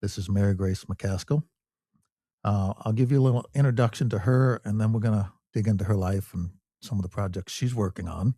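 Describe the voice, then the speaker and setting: A man's voice: on the low side, a little fast, dark tone, dry recording, studio quality. A man hosting a podcast interview, talking in an easygoing, folksy way with fillers. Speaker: podcast host. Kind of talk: casual interview chat.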